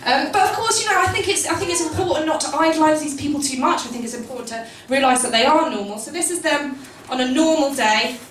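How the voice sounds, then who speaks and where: A young woman does a stand-up set, her voice high and chatty, wandering through asides with plenty of ums. She is picked up from a distance in a roomy live venue, so her words carry an echo. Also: fast talker, hardly any pauses. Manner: chatty, rambling, self-deprecating with many ums and laughs. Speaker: stand-up comedian. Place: live comedy venue with an audience.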